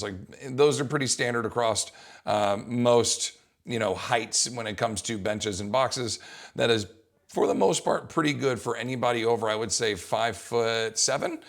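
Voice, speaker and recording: A young adult man coaching fitness, explaining an exercise test in a casual, lively way. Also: mid-range voice, vocal fry. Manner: casual, animated, acts out coaching calls. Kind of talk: instructional talk.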